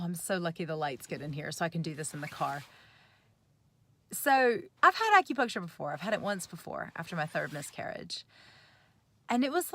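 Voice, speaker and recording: A woman in her thirties vlogging from inside a parked car, telling a story in an animated, giggly, chatty way. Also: mid-range voice, no room sound. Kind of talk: casual storytelling to camera.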